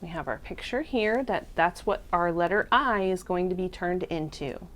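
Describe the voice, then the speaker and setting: A woman preschool teacher reading a picture book aloud to young children, doing expressive voices for the animals, then leading a drawing activity. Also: fairly low pitch, normal speed. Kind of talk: children's storybook read-aloud.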